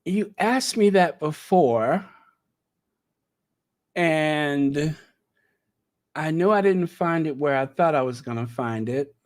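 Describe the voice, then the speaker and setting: This man's voice is a little high, with lively intonation, and he speaks slowly, pausing often. As a channel host, he gives casual live reaction commentary, chatting and thinking aloud to the people watching.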